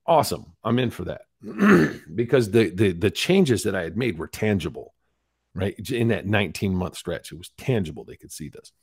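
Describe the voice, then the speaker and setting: A man's voice: fairly low pitch, normal speed, slightly rough, dry recording, clean studio sound. A man in his forties, a podcast guest, telling his life story candidly and acting out what others said. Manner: candid, animated retelling with acted-out quotes. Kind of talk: storytelling interview.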